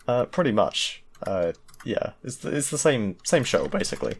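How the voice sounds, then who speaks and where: A man's voice: fairly low pitch, sing-song, moderate pace, vocal fry, slight background noise. A man hosting a podcast, chatting casually, laughing often and steering the conversation. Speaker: podcast host. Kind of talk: casual chat.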